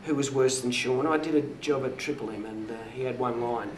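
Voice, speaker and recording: A middle-aged Australian man, a voiceover pro, spins a rambling anecdote in a dry, deadpan way. His pitch sits in the ordinary middle range for a man, neither deep nor high. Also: a little fast. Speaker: voiceover artist. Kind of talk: mockumentary interview anecdote.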